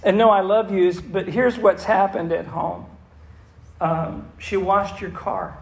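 A man's voice: sits high, fairly even intonation, takes it slowly, gravelly. A man as a pastor giving an interactive, conversational sermon to a church class, often asking the audience questions. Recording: roomy echo with faint room noise.

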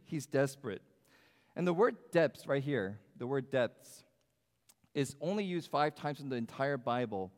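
A man preaching a sermon in a church sanctuary, talking conversationally and asking the congregation questions. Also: a little high. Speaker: pastor. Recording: long hall reverb.

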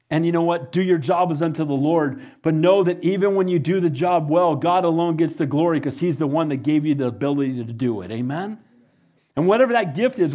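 Male pastor, sermon delivery, slightly high voice, fervent rising emphasis. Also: dark tone. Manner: preaches with rising, fervent emphasis and repeated "Amen?".

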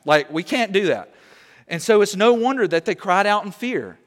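A young man preaching a sermon, animated and conversational, often checking in with "okay?". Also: high-pitched, moderate pace, big-room sound. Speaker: pastor.

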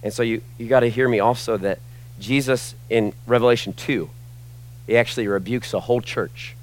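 A man preaching a sermon as pastor, impassioned, swinging between loud emphasis and hushed asides. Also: medium pitch, steady tone, a little fast, low-quality recording.

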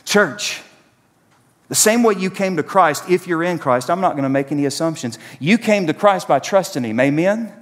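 Man, pastor preaching, high lively voice, echoey church hall. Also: normal speed. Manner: animated, preacherly, addresses congregation directly. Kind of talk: sermon.

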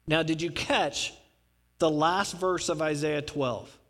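A man's voice: on the high side, fairly even intonation, takes it slowly, fairly bright tone, in a large hall. A male pastor preaching a sermon, dramatically acting out the scripture he quotes.

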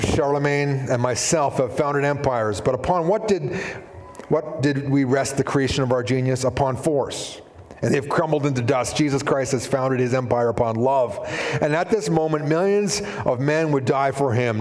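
A man preaching a sermon in a casual, animated way, often acting out quotes. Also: on the high side. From Canada. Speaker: pastor. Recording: reverberant hall.

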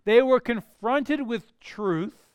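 A man preaching a sermon, lively and playful, acting out reactions as he speaks. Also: extremely high pitch, takes it slowly, clean tone, no echo, studio quality. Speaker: pastor.

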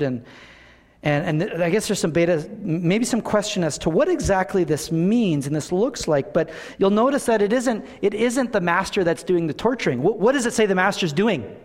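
A man preaching a conversational, animated sermon as a pastor in a church, asking the congregation rhetorical questions. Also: high-pitched, moderate pace. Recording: long reverb of a church hall.

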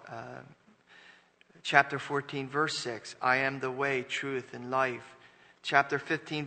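A man's voice: medium pitch, pushed and bright. A man preaching a Sunday sermon. He reads verses aloud and breaks into emphatic bursts, with frequent restarts. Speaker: pastor. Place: church sanctuary. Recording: long reverb of a church hall.

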